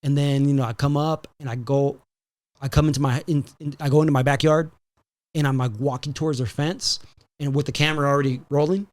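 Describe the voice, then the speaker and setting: A male podcast host with a voice on the high side tells a story a little fast. He's casual, profane, and animated, slipping in Spanish phrases.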